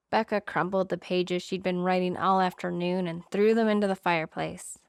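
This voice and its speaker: A woman's voice: on the low side, normal speed, vocal fry, hardly any pauses, smooth, no echo, clean studio sound. Woman narrating a romance story. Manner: steady, expressive reading. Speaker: audiobook narrator.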